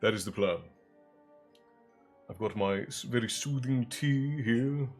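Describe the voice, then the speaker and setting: A man's voice: mid-range voice, unhurried, soft background music. A man hosting a casual live stream, chatting loosely with viewers, reading out their messages and thanking them by name. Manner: chatty, reads chat aloud and thanks viewers.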